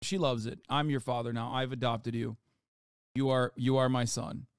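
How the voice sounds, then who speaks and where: A man's voice: mid-range voice, level tone, moderate pace, clear, resonant tone, dry recording, studio quality. A man livestreaming reaction commentary, ranting in a profane, sarcastic way.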